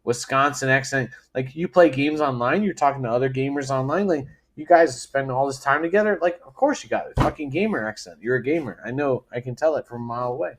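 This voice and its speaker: A man from England, co-hosting a podcast in casual, playful banter. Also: mid-range voice. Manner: playful, teasing, quick to joke. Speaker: podcast co-host.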